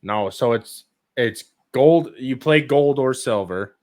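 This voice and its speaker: A man's voice: medium pitch, animated, slow pace, darkish tone. A man co-hosting a casual gaming podcast, rambling with fillers and swearing.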